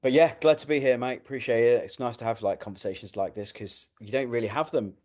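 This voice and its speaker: A middle-aged man with an English accent, talking as a guest in a casual interview, relaxed and reflective, with many "um"s and restarts. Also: medium pitch, quick pace. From United Kingdom.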